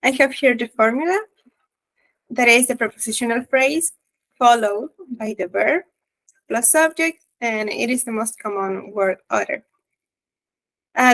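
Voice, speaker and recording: Higher-voiced woman presenting grammar to class. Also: fairly bright tone, poor audio. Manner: reads definitions and examples aloud with fillers. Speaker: student presenter.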